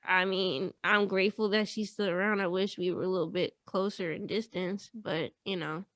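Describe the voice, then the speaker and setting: A woman's voice: mid-range voice, fairly even intonation, normal speed, fairly bright tone, dry recording. A woman co-hosting a podcast, talking casually and growing tearful as she laughs through an emotional apology. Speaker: podcast co-host. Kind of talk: casual chat.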